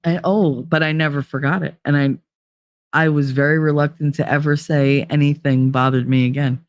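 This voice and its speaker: A woman's voice: low-pitched, fairly even intonation, moderate pace, no room sound. A woman hosting a casual livestream who talks bluntly and openly about her feelings, with frequent swearing. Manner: blunt, profane and emotionally open. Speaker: livestream host.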